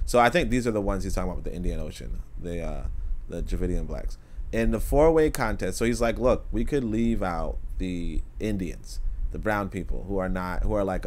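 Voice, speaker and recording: A man's voice: sits low, darkish tone, slight background noise. A man hosting a casual livestream, reading an essay aloud and chatting loosely with his viewers. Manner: digressive, loose and conversational, with many fillers. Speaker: host reading an essay aloud and answering chat.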